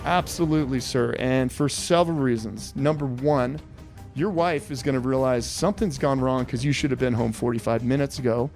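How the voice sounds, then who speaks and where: A man hosting a podcast interview, politely addressing his guest as sir while laying out a survival quiz with lively storytelling. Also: medium pitch, moderate pace, creaky, soft background music. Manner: respectful, calls guest sir, animated storyteller. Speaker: podcast host.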